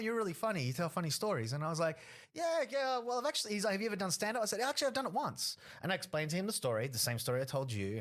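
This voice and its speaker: A man in casual podcast conversation, his pitch bouncing all over the place. He sits a little high and tells stories with relish, slipping into other people's voices. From Australia. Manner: animated storyteller acting out other people's lines. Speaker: comedian guest.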